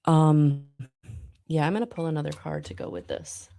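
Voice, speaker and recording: Low, creaky-voiced woman reading tarot. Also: steady tone, moderate pace. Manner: soft, spiritual, emotional, with many ums. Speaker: tarot reader.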